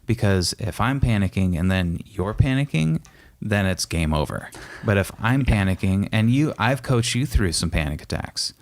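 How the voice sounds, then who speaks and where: A man co-hosting a casual couple's podcast, talking earnestly and calmly reassuring. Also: on the low side, normal speed. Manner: earnest and reassuring, calm coaching tone. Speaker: podcast co-host.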